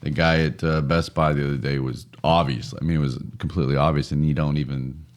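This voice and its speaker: A man's voice: a bass voice, steady tone, fast talker. A man co-hosting a casual podcast, chatty and joking, often laughing at his own stories. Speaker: podcast co-host.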